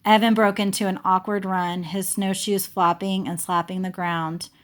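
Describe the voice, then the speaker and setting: A woman reading a children's novel chapter aloud in an unhurried way, fixing small slips as she goes. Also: mid-range voice, flat delivery. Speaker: audiobook reader.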